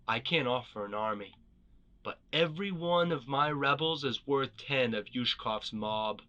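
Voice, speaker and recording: A man plays a hardened rebel leader who trusts no one at first, speaking in short, blunt and wry lines. The tone sits at an ordinary pitch but rings bright and forceful. It is a read-aloud storybook voice. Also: a little slow, muffled recording. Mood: gruff. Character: gruff veteran male rebel leader, wary, blunt. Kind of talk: storybook character reading.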